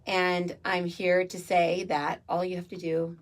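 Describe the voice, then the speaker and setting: Fields: Figure: Jesus, as a woman voices him, male, calm teacher. Delivery: soft, reassuring, low-key. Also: unhurried, natural voice.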